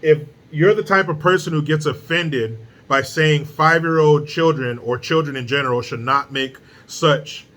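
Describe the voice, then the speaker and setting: Blunt, profane male commentator with a forceful voice. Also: fairly high pitch. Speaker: political commentary host. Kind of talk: casual opinion commentary.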